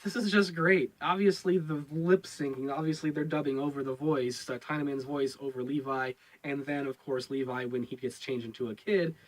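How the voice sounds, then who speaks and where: A man's voice: medium pitch, fairly even intonation, normal speed, hardly any pauses, poor audio. Rambling man reviewing a show. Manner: rambling, repeats words, many fillers. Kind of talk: casual episode review.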